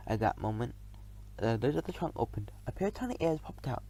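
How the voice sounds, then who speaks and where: A man reads a children's audiobook in the first person. His telling is lively and expressive, and his voice sits at an everyday pitch. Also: brisk, rough recording. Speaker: audiobook narrator. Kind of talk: first-person storybook narration.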